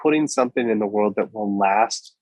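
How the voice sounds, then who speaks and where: A man's voice: fairly low pitch, brisk, darkish tone, no echo. A man co-hosting a podcast, talking casually and emphatically about storytelling craft. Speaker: podcast co-host. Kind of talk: casual conversation.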